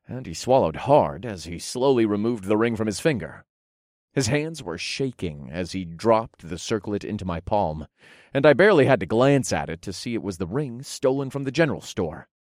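A man's voice: lowish voice, moderate pace, no room sound, clean studio sound. A man narrating a first-person fantasy story and voicing its characters. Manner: expressive, commanding in dialogue.

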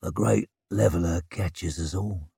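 A man voicing a weary male warrior who speaks quietly and softly. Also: big pitch swings, normal speed, breathy edge, no room sound, clean studio sound. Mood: grim. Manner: soft, low, quiet.

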